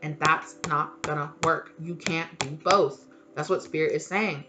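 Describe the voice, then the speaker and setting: A woman's voice: low voice, steady tone, measured pace, background noise. A woman giving a casual tarot reading, blunt and emphatic, swearing freely and repeating her points. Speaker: tarot reader.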